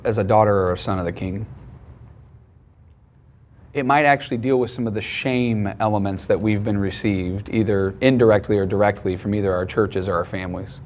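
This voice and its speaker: A middle-aged man, a pastor, teaching a sermon in a conversational way, pushing his voice up on key lines. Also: a little mellow. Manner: conversational, emphatic preaching with rising pitch on key lines.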